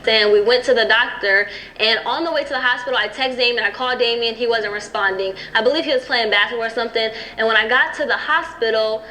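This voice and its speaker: Young woman telling her story on camera, bright slightly high voice, keeps saying you know what im saying. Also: quick pace, few pauses, poor audio. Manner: recounting events, filler "you know what I'm saying". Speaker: documentary interviewee. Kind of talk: personal storytelling interview.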